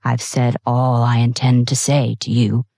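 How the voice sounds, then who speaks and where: A woman's voice: a bass voice, little pitch movement, measured pace, vocal fry, dark tone, no echo, clean studio sound, pitched below the performer's own voice, full character voice. A woman voicing a short-tempered older male boss who speaks in a curt, contemptuous way, read for an audiobook.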